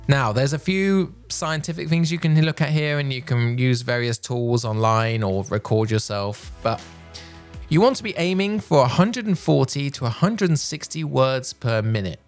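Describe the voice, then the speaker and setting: A man teaching public speaking, shifting his pitch to demonstrate the points he makes. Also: animated, moderate pace, faint music behind. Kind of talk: instructional talk.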